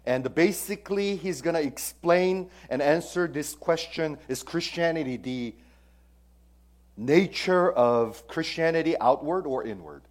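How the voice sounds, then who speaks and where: A man preaching a sermon as pastor. He asks the congregation questions and swings between loud stressed phrases and hushed, near-whispered lines. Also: on the high side, expressive, measured pace.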